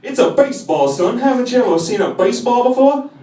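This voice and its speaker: A man's voice: on the high side, sing-song, fast talker, darkish tone. Man doing Foghorn Leghorn, blustery cartoon rooster. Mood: blustering. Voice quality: drawling, blustery, repeats himself. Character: blustering loudmouth cartoon rooster, male, Southern drawl. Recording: echoey room heard from a distance, crowd laughing.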